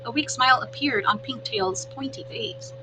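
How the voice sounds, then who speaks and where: A woman reading a children's storybook aloud as a teacher, with clear, expressive storytelling. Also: on the high side, moderate pace. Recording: humming background noise.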